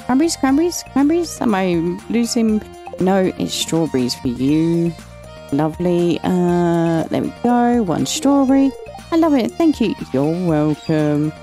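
English woman host, relaxed mellow voice, bouncy animated delivery, faint music underneath. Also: fairly low pitch, unhurried. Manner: chatty and affectionate, calls everyone "lovely". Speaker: gaming channel host. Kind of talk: casual gameplay commentary, reading dialogue aloud.

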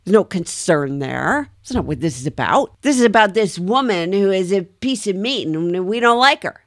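An indignant woman hosts a commentary on courtroom footage. Her pitch swings widely as she presses one emphatic rhetorical question after another. The sound is dry and close. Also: fairly bright tone, no echo. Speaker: host reacting to trial testimony.

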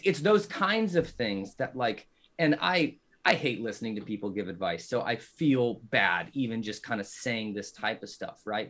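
Animated storytelling dad in his thirties. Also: medium pitch. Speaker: guest author and father. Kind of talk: casual podcast chat.

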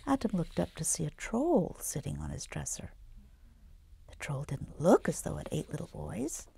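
A woman reading her own children's book aloud, dramatic and dropping into hushed whispers. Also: on the low side, expressive, unhurried, vocal fry, slightly rough, no room sound. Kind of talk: storybook read-aloud.

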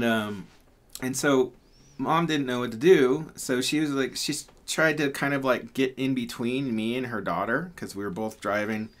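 A man telling a story casually, rambling and chatty, with lots of fillers and laughs. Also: medium pitch. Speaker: pyrography channel host.

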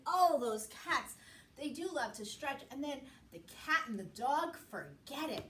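A woman's voice: high-pitched, expressive, unhurried, fairly bright tone, reverberant, recorded from a distance, a little hiss or hum. A woman leading a children's yoga class in a playful, sing-song way, making animal sounds as she goes. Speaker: kids' yoga teacher.

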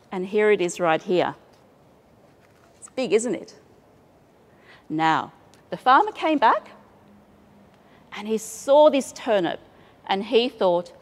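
A woman with an Australian accent hosting a library storytime, reading to young children in a playful, drawn-out way. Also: medium pitch, big pitch swings, darkish tone, big-room sound.

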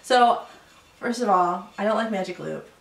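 A woman in her thirties, co-hosting a casual knitting podcast, chatty and quick to laugh, still a little sick. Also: mid-range voice, vocal fry, distant mic. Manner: chatty, laughing, self-deprecating. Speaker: podcast co-host. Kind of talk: casual chat about knitting. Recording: roomy echo, voice a bit off-mic.

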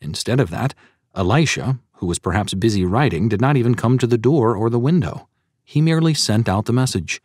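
A man's voice: mid-range voice, animated, a little fast, darkish tone, dry recording, studio quality. A man narrating a sermon audiobook in an earnest, preaching tone and citing scripture verses.

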